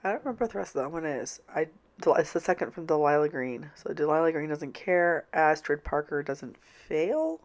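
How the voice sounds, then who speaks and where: A woman's voice: deep voice, expressive, a little fast. A middle-aged woman with a stuffed-up nose from a cold, chatting casually and apologetically in a home voiceover. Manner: apologetic, rambling. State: congested, stuffy-nosed from a cold. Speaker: planner vlogger. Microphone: home voiceover mic.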